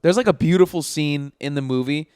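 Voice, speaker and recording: A young man co-hosting a podcast, retelling a story with animated, profane energy in casual chat. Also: a little high, fairly quick, over a noisy crowd. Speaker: podcast co-host.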